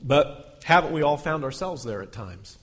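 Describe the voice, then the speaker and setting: A man's voice: fairly high pitch, lively intonation, moderate pace, fairly bright tone. A male pastor, reading scripture aloud in a sermon and lifting his voice on the quoted lines. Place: church sanctuary. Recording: long hall reverb.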